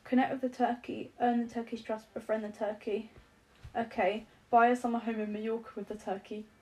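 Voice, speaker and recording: A woman voicing a drowsy, dry-witted young man, teasing in a deadpan, mock-solemn way. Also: fairly high pitch, fairly quick, lightly acted.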